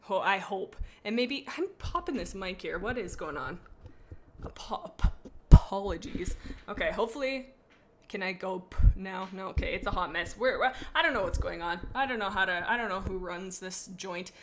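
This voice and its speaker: A woman's voice: medium pitch, animated, normal speed, slight background noise. A young woman streamer chatting playfully and dramatically while rating viewers' pet cats, rambling with silly asides. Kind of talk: casual livestream chat.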